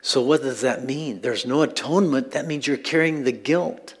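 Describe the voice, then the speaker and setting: A man's voice: mid-range voice, normal speed, breathy edge. A man preaching a sermon as pastor, in a conversational style with asides and light chuckles.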